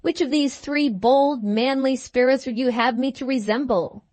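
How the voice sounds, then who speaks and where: A woman's voice: sits high, moderate pace, darkish tone, dry recording, close to an everyday voice. A woman reading the part of a sober nobleman who speaks earnestly and urgently.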